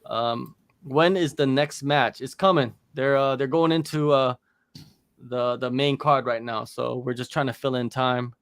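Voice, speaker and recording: A man's voice: mid-range voice, fairly even intonation, a little slow, clean tone. A man hosts a casual watch-along stream, reading out viewer names and comments with a joking, easygoing delivery. His voice sits in an ordinary middle register. The sound is dry and close, with almost no room echo. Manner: joking, reads viewer names and shout-outs aloud.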